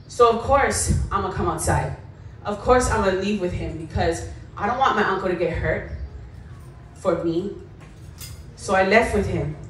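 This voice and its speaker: A woman's voice: mid-range voice, far from the mic, slight background noise. Blunt woman speaking in an echoey hall. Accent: Hawaiian. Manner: blunt, raw storytelling. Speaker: motivational speaker. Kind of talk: school assembly talk. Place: school gym or hall.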